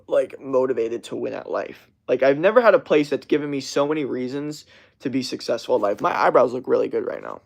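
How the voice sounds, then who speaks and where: A young man in college ranting casually to camera, profane and rambling, mocking people in whiny put-on voices. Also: mid-range voice. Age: young adult. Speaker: vlogger.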